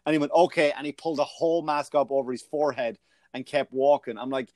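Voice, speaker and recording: A male comedian hosting a podcast, telling profane, animated stories in casual chat. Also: medium pitch, quick pace, no room sound.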